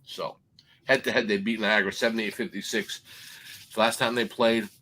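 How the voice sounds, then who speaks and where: A man's voice: fairly low pitch, fairly even intonation, normal speed, a little hiss or hum. A man on a sports betting show, telling a long, profane story and acting out the other people in it. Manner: loud, swearing, acts out quoted people.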